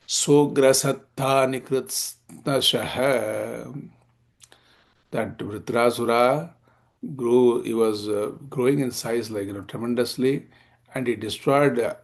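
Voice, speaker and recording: A man teaching a scripture class, chanting verses slowly and explaining them with many fillers. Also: medium pitch, darkish tone.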